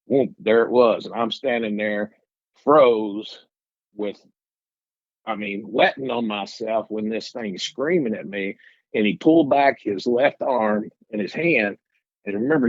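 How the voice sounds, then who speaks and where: Folksy man, low dry voice. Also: no room sound, lo-fi sound. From Arkansas. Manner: rambling, folksy, with restarts. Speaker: guest telling his encounter. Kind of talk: casual storytelling interview.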